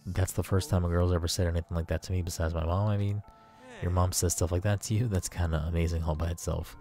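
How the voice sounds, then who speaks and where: Man voicing a pleading, melodramatic young otaku, deep-voiced, faint game music under. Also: steady tone, fast talker, dark tone.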